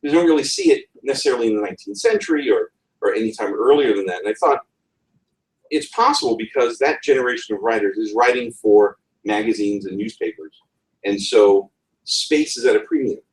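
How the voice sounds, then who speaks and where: A man with a New England accent giving a conference talk on writing, wry and digressive, often pausing on ums and restarting his phrases. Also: lowish voice. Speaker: conference speaker. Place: conference session room. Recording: roomy room, voice from far off.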